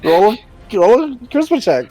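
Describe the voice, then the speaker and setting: A man running a tabletop game as dungeon master, relaxed, with fillers and quick apologies. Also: high-pitched, faint music behind.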